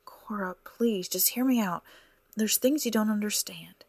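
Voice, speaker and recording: A woman reading a weary, wounded young man who speaks tersely in a rough, clipped way. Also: medium pitch, unhurried, a little mellow, dry recording. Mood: pleading. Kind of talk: audiobook character reading.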